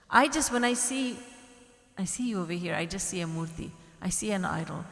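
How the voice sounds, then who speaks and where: A woman spiritual teacher giving a gentle devotional discourse, softly quoting prayers. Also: on the low side, animated, brisk, gravelly. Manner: gentle, devotional, quotes prayers in a soft pleading tone. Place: large hall at a retreat. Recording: echoey hall with long reverb.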